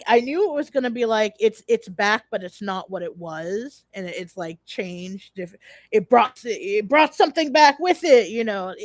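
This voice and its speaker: A young woman rambles through a casual livestream chat, circling her point with fillers and false starts. She is blunt and swears offhandedly. Her voice sits at a middling pitch and sounds dry and close. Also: no echo. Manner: rambling, frequent "like" fillers and restarts. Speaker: livestream host.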